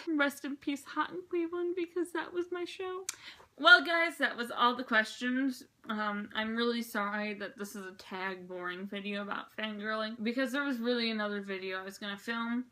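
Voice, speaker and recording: Teen girl vlogger, chatty and excitable, bright tone, a bit high. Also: moderate pace. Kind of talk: casual chat.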